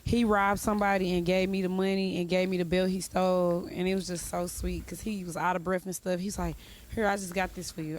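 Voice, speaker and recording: A woman's voice: fairly low pitch, flat delivery, a little fast, slight background noise. A woman in a played interview clip tells a personal story in a breezy way, laughing as she goes. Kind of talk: interview anecdote.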